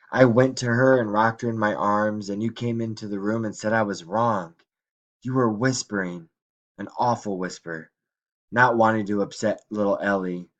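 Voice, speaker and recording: A frail, dreamy old grandmother speaks, as a male reader puts her on in a low, soft voice. She drifts through memories with quiet regret and pleading in a storybook reading. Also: muffled recording, lightly acted. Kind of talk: audiobook reading.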